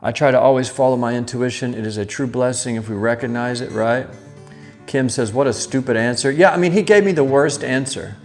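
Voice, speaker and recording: Soft music plays behind a medium-pitched man who speaks a little fast while hosting a live stream. He shares a childhood story in a casual, animated way, reading chat comments and voicing the people he quotes.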